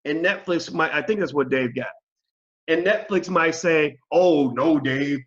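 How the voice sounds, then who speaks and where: Host, male, somewhat high voice, blunt and animated, cusses freely, dull lo-fi recording. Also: moderate pace. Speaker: channel host. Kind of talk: opinion commentary monologue.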